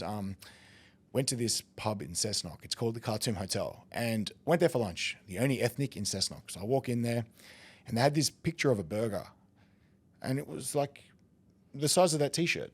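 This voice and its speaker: A man with an Australian accent, a podcast guest telling a story in casual chat, lively and quick to laugh. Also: fairly low pitch, breathy edge. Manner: animated, laughing, acts out quoted voices. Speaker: podcast guest, competitive eater.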